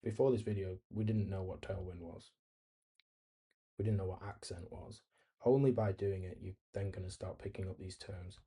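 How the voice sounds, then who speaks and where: Laid-back guy walking through a coding tutorial, deep dark husky voice, thinks out loud as he goes. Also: steady tone, moderate pace. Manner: easygoing, thinks aloud while typing and reading replies. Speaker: tutorial host. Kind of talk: screen-recorded coding tutorial.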